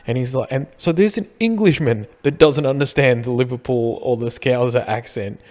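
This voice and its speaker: Middle-aged Australian co-host, mid-pitched, rambling and argumentative, stumbles over repeated words. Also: male voice, brisk, few pauses, darkish tone. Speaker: podcast co-host. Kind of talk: casual chat.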